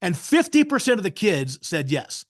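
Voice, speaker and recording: High-voiced emphatic male sales trainer. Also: very animated, normal speed. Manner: emphatic, frequently tags points with "right?". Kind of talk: webinar masterclass talk.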